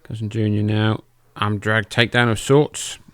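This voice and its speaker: A man hosts a podcast and gives casual, loose play-by-play over old wrestling tapes, joking and swearing freely. His voice is smooth and resonant. It is recorded close in a dry, deadened room. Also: on the low side, flat delivery, normal speed, dry recording. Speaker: podcast host.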